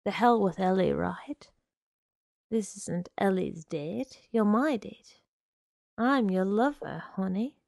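A menacing young man who coaxes and insists, slow and gravelly, read by a woman. The voice stays dry and close, with no room around it. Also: mid-range voice, darkish tone, no room sound. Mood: menacing, coaxing. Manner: coaxing, insistent.

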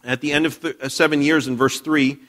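A man's voice: a little high, steady tone, brisk, a bit bright. A man preaching a sermon in a church, telling a Bible story conversationally with frequent restarts and questions to the congregation. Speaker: pastor.

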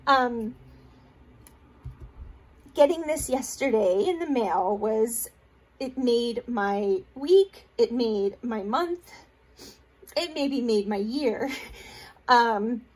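A woman's voice: on the high side, expressive, slow, darkish tone, slightly rough. A woman hosting a crafting vlog, gushing and rambling as she shows off gifts she received in the mail. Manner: gushing, rambling with fillers and restarts. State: tearful, holding back crying. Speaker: crafting video host. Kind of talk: casual show-and-tell of mail.

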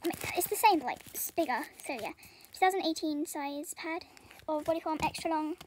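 A teenage British girl with a very high voice talks softly and rambles in a casual vlog, breaking into little giggles. Loud crinkling and rustling of packaging sits clearly behind her words. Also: fairly quick, a little hiss or hum. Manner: soft-spoken, rambling and giggly. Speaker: vlogger. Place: bedroom floor strewn with stationery.

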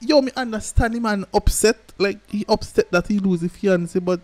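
A man hosting an anime reaction, swearing freely and breaking into shouts and laughter between calmer remarks. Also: sits high, moderate pace. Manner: excitable, profane, bursts into shouts and laughter. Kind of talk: live reaction commentary. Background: faint anime soundtrack playing.

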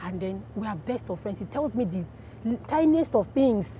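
Speaking with a Nigerian accent, a woman gives a casual testimony at a moderate pace and medium pitch, with slight background noise. She's an animated storyteller who acts out the voices of the people in her story.

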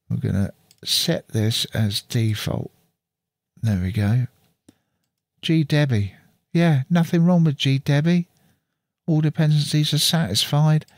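A channel host chats casually while walking through a computer setup on screen, thinking aloud as he works. His voice is fairly high, recorded with no echo on a studio mic through an audio interface.

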